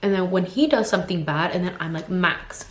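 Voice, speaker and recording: Rambling young mom venting, low voice. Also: female voice, a little fast. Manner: rambling, frank, heavy use of "like" and "you know". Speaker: vlogger and mother of two toddlers. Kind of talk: casual get-ready-with-me vent. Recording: roomy echo with faint ambience.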